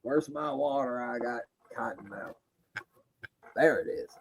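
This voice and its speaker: A man's voice: mid-range voice, unhurried, gravelly, slight background noise, poor audio. A young man co-hosting a podcast, chatting casually and laughing a lot while watching wrestling. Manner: laughing, joking, animated with crude impressions. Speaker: podcast co-host.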